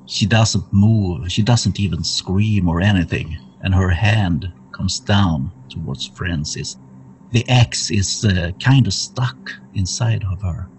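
A man narrating a tabletop horror game as game master, measured and full of uh fillers. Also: low voice, darkish tone, slight background noise, rough recording.

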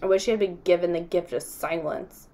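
A woman's voice: fairly low pitch, a little fast, mellow, natural voice. Skeptical, teasing schoolboy, played by a woman reader. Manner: teasing and contrary.

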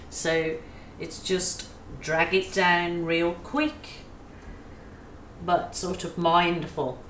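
An Australian woman talks unhurriedly through her painting, her voice a touch low and calm. She coaches gently and pokes fun at herself. The room is echoey, with a faint hum of ambience behind her. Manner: chatty, self-deprecating, soothing coaching. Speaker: acrylic pouring artist. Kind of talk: casual painting tutorial chat.

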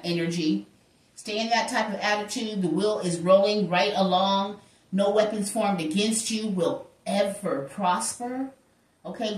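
A woman's voice: medium pitch, recorded from a distance. A woman giving a spiritual tarot reading in a sassy, preacher-like way. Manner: animated, sassy, preacher-like, acts out voices in quotes. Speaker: tarot reader. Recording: echoey room, voice from off-mic.

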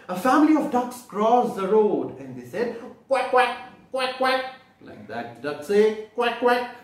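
A man with a high-sitting voice reads aloud to children, explaining the pictures by asking them questions. The recording is made in an echoey room with a distant microphone.

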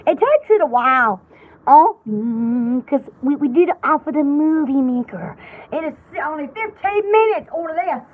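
Excitable high-voiced woman live-streaming. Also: moderate pace, phone-quality sound. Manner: excitable, rambling, giggly. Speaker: live-stream jewelry party host. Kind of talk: casual live-stream chat.

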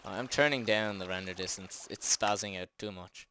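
A man's voice: lowish voice, moderate pace, bright, forceful tone, slight background noise. A man hosting a let's play, chatting and joking at himself with jumpy exclamations. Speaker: gaming channel host. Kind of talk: let's play game commentary.

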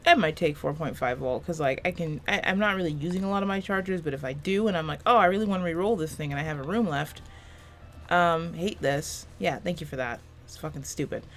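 Soft background music plays as a woman in her twenties, a gaming YouTuber, delivers rambling, self-deprecating let's-play commentary full of swearing. Her voice is low-pitched and fairly quick, and a fan is running in her small room.

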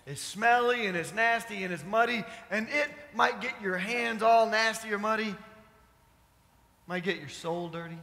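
High, bright-voiced pastor preaching in a hall. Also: male voice, normal speed, gravelly. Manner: storytelling, conversational with congregation asides. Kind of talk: sermon. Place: church sanctuary. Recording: echoey church hall.

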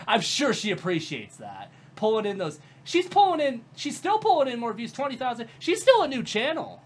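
A woman's voice: on the high side, huge pitch swings, moderate pace, few pauses, slightly rough. Sarcastic woman reacting with laughter. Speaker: commentary vlogger. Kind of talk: mocking reaction commentary.

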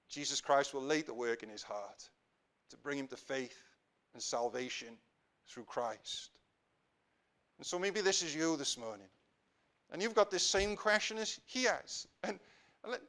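A man with a Welsh accent preaching a sermon in church, swelling to fervent emphasis and sinking to quiet prayer. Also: a little high. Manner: rises to impassioned emphasis, then drops to quiet prayer.

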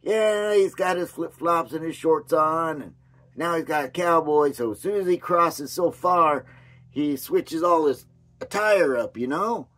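A commentary vlogger, a hoarse man whose voice sits a little higher than most men's, rambles loosely, drifting off mid-thought and circling back. He speaks a little slowly, with a slightly bright tone.

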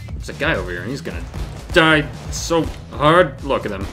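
A man giving solo gameplay commentary, shouting and swearing at the game and cracking sarcastic jokes, with faint game music behind. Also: medium pitch, expressive, moderate pace. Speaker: let's play gamer.

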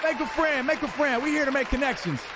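Young guy streaming a football game, high voice, loud stadium crowd and noise behind him, hyping up chat. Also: fast. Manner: hyped, shouting out viewers, teasing. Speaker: live streamer playing a football video game. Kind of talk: casual livestream chat, reading chat aloud. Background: game stadium crowd and commentary.

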